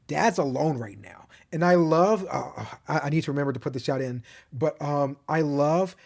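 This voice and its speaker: Guy rambling through a show recap, lots of likes, kinda high voice, super into it. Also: moderate pace, creaky, darkish tone. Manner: chatty and rambling, many "like" fillers and restarts; fond, gushing enthusiasm. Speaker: TV show reviewer. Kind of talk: casual recap commentary.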